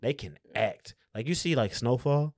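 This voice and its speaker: A man's voice: medium pitch, animated, moderate pace, a little mellow, no echo, studio quality. A man who is a comedian, chatting casually on a podcast, joking, loose and swearing freely. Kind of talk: casual chat.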